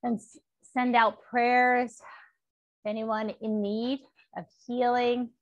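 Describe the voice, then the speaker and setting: A woman teaching a gentle stretch class, encouraging and upbeat, leading spoken affirmations. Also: on the high side, little pitch movement, slow pace, no room sound, highs cut off. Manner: upbeat and encouraging, with laughs and cheers.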